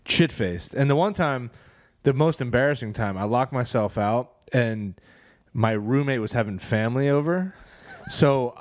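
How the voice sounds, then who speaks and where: A man's voice: mid-range voice, animated, a little slow, dry recording. A man co-hosting a podcast, telling a personal anecdote in a casual comedic chat from a living room studio. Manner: anecdotal storytelling. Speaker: podcast co-host.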